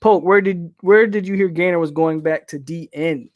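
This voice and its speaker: A man's voice: a little high, moderate pace, highs cut off, a little hiss or hum. A man hosting a casual live podcast, answering chat questions in a loose, opinionated way with a Southern US accent. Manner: loose, opinionated, trails off and restarts.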